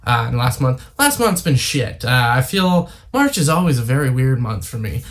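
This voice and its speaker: A young Canadian YouTuber talks casually to camera in a very animated, medium-pitched voice at a normal speed. His vlog monologue rambles, full of fillers and tangents.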